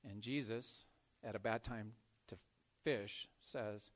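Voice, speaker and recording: A man preaching a sermon, telling a story with animated swings from loud to hushed and frequent repeated words. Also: on the low side, takes it slowly. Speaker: pastor.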